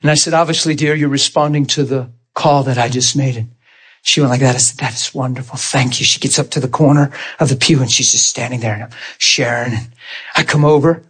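A man preaching a sermon in a church, telling healing stories in an animated way and often crying out in excitement. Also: mid-range voice, brisk, slightly rough. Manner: animated, shouts and cries out in excitement. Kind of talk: sermon with testimony storytelling.

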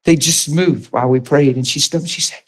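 A middle-aged man, preaching a sermon in a conversational, animated way, with asides to the congregation. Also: a little high, fast talker. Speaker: pastor.

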